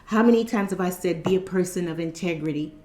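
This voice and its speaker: A woman's voice: fairly low pitch, fast talker, darkish tone, slight background noise. Emphatic woman in her fifties, echoey room. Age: 50s. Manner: repetitive, emphatic, exhorting. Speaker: spiritual channel host. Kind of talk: casual motivational talk to viewers.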